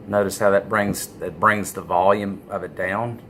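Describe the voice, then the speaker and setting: A man talks to camera in a loose, unscripted way, stopping often on "uh" and punching the words that matter. His voice sits low, and he takes his time. A faint hiss runs under the recording. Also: a bit bright. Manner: halting, many "uh" fillers, stresses key words. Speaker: business vlogger. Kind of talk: casual talking-head monologue.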